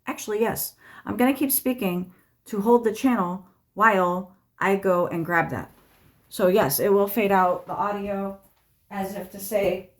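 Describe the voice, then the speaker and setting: Woman, tarot channel host, rambling monologue, profane and wry, mid-pitched voice. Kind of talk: casual stream-of-consciousness monologue. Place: indoors at home, walks between rooms.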